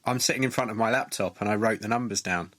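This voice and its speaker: A man's voice: on the low side, fast talker, a bit bright, dry recording. A man co-hosting a podcast in casual chat, with dry, teasing banter. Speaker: podcast co-host.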